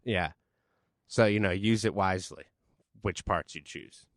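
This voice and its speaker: A man co-hosting a podcast in casual banter, goofy and deadpan, slipping into silly sound effects. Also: deep voice, measured pace, slight background noise. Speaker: podcast co-host. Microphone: studio mic.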